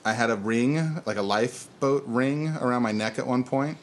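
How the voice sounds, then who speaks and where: A man's voice: medium pitch, normal speed, slight background noise. A man in his thirties co-hosting a casual podcast chat, telling rambling stories and laughing at them. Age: 30s. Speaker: podcast co-host.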